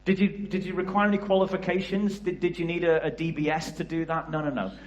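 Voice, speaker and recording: A man's voice: on the high side, little pitch movement, quick pace, roomy sound, poor audio. A man with a Liverpool area English accent giving a passionate church talk about youth work, often asking the audience questions. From England. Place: church hall.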